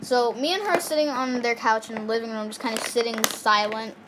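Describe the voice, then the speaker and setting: A woman's voice: a little high, steady tone, a little fast, noisy background. A girl casually telling a personal story in a rambling way, with many fillers and restarts.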